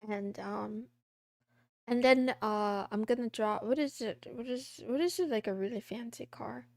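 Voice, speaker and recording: A woman streamer with a high, slightly gravelly voice, rambling casually as she draws. She talks in an unhurried way, giggling at her own jokes, with a dry, close sound. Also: a little mellow, dry recording. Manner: rambling, giggly, joking with herself. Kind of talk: casual chat while drawing a comic.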